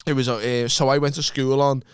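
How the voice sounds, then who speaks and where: A man's voice: medium pitch, little pitch movement, brisk, smooth, dry recording, studio quality. A young adult man telling a story in casual podcast chat, laughing at himself as he goes. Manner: laughing, self-mocking storyteller. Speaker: podcast co-host.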